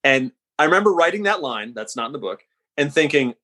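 A man's voice: on the high side, sing-song, brisk, sharp tone. A man, a screenwriter guest on a podcast, reflective and self-deprecating, with hesitant fillers. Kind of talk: casual interview chat.

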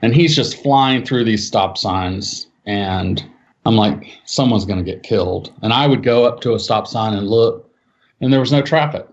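A man's voice: moderate pace, slight background noise. A man telling a personal eyewitness story in casual speech, acting out what people said with his voice jumping up for the quotes. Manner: animated, acts out quotes with raised pitch. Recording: dull lo-fi sound.

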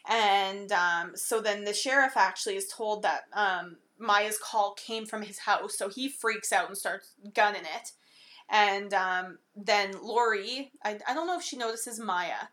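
A woman's voice: mid-range voice, a little slow, a bit bright. A woman in casual conversation, chatting and laughing as she recaps a horror film scene by scene. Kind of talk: casual movie recap chat.

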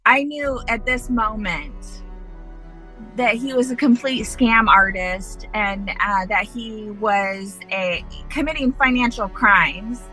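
A woman giving interview commentary, deliberate and emphatic in how she speaks. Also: medium pitch, sharp tone, soft background music, rough recording.

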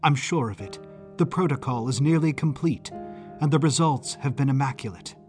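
A man voicing a calm, reassuring woman nurse who murmurs softly. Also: medium pitch, moderate pace, faint music behind, lightly acted.

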